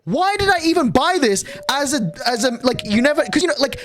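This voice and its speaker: A man's voice: very high voice, sing-song, brisk, a bit bright, slight background noise. A young man streamer telling a storytime on a livestream, exasperated and swearing a lot, with frequent restarts.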